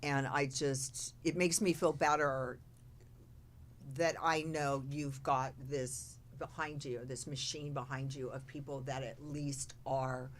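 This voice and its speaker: A woman hosting a podcast in casual chat, speaking softly and with sympathy. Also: extremely low pitch, steady tone, slow, slight background noise. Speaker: podcast host.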